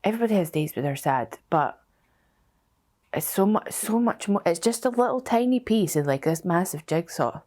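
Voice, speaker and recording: A young woman telling her story as a bereaved mother, halting and emotional, with many restarts. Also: on the low side, animated, a little mellow. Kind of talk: personal testimony.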